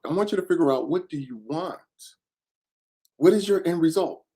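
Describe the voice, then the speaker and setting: A man's voice: a little high, moderate pace, warm tone, pitched above the performer's own voice, close to an everyday voice. A man quoting his mother's firm, patient advice to her teenage son while telling a story.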